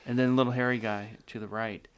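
Measured male interviewer. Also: mid-range voice, level tone, clean tone. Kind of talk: interview questions.

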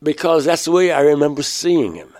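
A man, a painter, recounting a strange personal experience in an interview, halting and restarting mid-phrase, his voice climbing sharply when he quotes himself. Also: a little high, expressive, darkish tone.

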